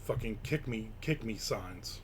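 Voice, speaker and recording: A man's voice: fairly low pitch, animated, a little slow, slight background noise. A man hosting a casual live show, grumbling and swearing sarcastically as he tells stories. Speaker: podcast host. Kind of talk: casual live-stream chat.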